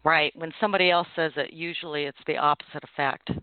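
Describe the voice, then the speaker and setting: A man hosts an interview over a dry, tinny line that sounds like a phone call. His voice sits a little high, and he chimes in with short affirmations and brief summaries. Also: fairly even intonation, fast talker, clean tone, no room sound. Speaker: host. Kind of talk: interview conversation.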